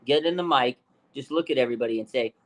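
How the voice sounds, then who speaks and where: A man co-hosting a casual sports stream, reacting with laughter and animated banter. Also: mid-range voice, quick pace. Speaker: co-host.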